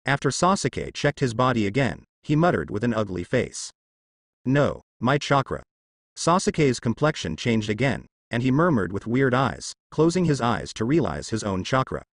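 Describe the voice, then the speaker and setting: A man narrating a story in an even reading with stilted phrasing. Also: medium pitch, moderate pace, hardly any pauses, no echo, studio quality.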